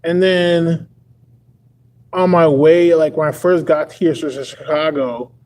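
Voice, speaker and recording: A man's voice: a little high, steady tone, takes it slowly, darkish tone, low-quality recording. A young man from Texas chatting on a livestream. He rambles and stacks up "like" fillers. He chuckles often as he talks. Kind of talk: casual livestream chat.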